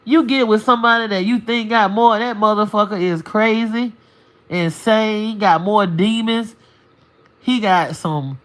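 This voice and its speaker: Woman streamer, mid-pitched, casual and preachy, hammering her points home on a live stream. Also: a bit bright. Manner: emphatic, preachy, colloquial with folksy asides. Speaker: spiritual live-streamer giving advice. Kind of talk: casual livestream monologue. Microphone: single mic on a livestream.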